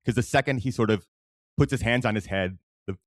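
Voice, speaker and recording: A man with a New York accent co-hosting a podcast, telling stories in an animated way with many restarts. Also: medium pitch, a little fast, no echo, studio quality. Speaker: podcast co-host. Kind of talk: casual chat.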